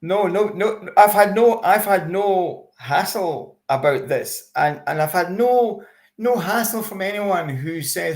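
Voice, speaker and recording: Gravelly-voiced man chatting as a guest. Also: high voice, measured pace. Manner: chatty, animated when recounting reactions, many restarts. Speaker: interview guest, expat campaigner. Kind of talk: casual interview chat. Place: lives in Australia.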